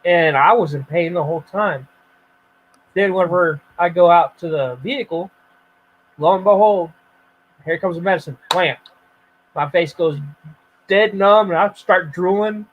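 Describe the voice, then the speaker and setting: A man hosting a casual voice chat stream, telling stories in an animated way and acting out the scenes with exclamations. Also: high voice, measured pace, pauses often, highs cut off, a little hiss or hum. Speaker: streamer host.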